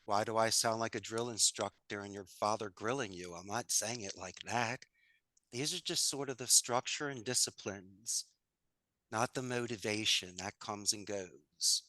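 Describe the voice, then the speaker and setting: A man's voice: on the low side, a little slow, pushed and bright, no echo. A man talking as an interview guest about running his business and giving motivational advice, with an enthusiastic, coaching manner. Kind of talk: casual interview chat.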